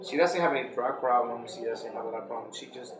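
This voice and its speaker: A man's voice: mid-range voice, fast. A man earnestly recounting a personal story, retelling a conversation line by line. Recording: roomy, distant, loud ambient noise.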